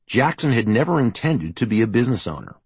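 A man narrating a novel as an audiobook, steady and measured. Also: medium pitch, husky, no room sound. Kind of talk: scripted narration.

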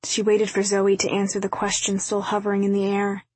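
Husky, flat-voiced woman reading a novel. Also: medium pitch, brisk, dry recording. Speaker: audiobook narrator. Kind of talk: scripted narration.

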